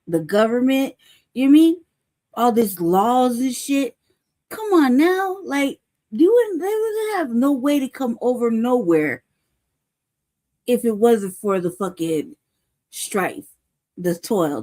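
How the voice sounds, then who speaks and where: A podcast host with a fairly high, somewhat dark-toned voice delivers unscripted political commentary as a heated, profane rant. She fires off rhetorical questions, laughs often, and keeps asking "you know what I mean."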